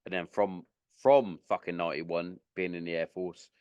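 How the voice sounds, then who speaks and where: A man's voice: low-pitched, steady tone, moderate pace, a little mellow, clean tone, no room sound, dull audio. A man hosting a podcast, chatting candidly and rambling a little, slightly tipsy. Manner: rambling, candid, swears freely. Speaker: podcast host. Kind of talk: casual podcast chat.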